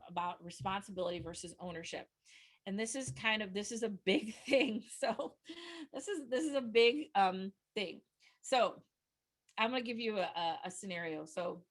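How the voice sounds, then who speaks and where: A middle-aged woman who trains nonprofits in communication gives a webinar presentation into a close mic. She's earnest and chatty, often restarting sentences, and her pitch jumps up when she gets excited.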